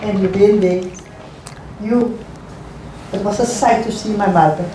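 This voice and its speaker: A middle-aged woman, an interview guest telling her life story in a halting, emotional way and repeating phrases. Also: medium pitch, steady tone, mellow. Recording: echoey room, voice far from mic, faint noise.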